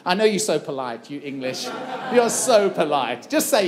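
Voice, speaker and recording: A man's voice: fairly high pitch, big pitch swings, normal speed, a crowd in the background. A middle-aged man from South Africa, giving an earnest stage talk that tells a personal story and acts out the dialogue in it. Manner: earnest, dramatic retelling with acted-out dialogue. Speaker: keynote speaker. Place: festival stage before a live audience.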